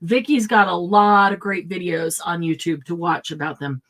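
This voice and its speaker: A woman's voice: lowish voice, steady tone, moderate pace, fairly bright tone. A middle-aged woman hosting a live craft supply sale, chatting casually and thinking aloud as she sets prices. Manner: chatty, thinks aloud while pricing items.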